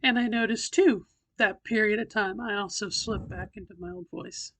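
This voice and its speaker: A middle-aged woman talking in a casual video diary, thinking aloud with many pauses and a slightly tight throat. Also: mid-range voice, fairly bright tone, a little hiss or hum. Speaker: vlogger doing voice training.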